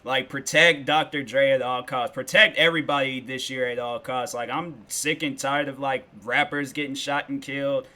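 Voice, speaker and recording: Twenties guy streaming, bright voice, rambling casual chat with his viewers. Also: mid-range voice, steady tone, normal speed, few pauses. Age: 20s. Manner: rambling and loose, with lots of "like" and "bro".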